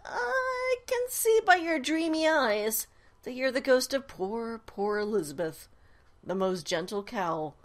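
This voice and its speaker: A woman reading a storybook and voicing a kind, calm young man who speaks gently and unhurriedly. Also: a little high, takes it slowly. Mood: gentle.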